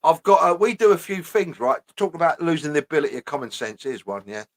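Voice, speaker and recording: A man's voice: a little high, animated, quick pace, no room sound. A man hosting a live online chat, talking bluntly and swearing often as he rants and reads out posts. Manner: blunt, swears often, repeats "you know what I mean". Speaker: host. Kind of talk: casual chat, ranting.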